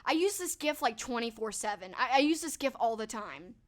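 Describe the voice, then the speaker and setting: A young woman with a high, bright-sounding voice talks casually to her live stream audience. She is animated and laughs often, and she drifts into goofy voices when she quotes lines she loves. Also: fairly quick. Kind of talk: casual chat to stream viewers.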